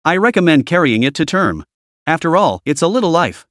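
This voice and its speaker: A man narrating a story while voicing a gentle hospital doctor giving advice. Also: a little high, very animated, brisk, no room sound, studio quality.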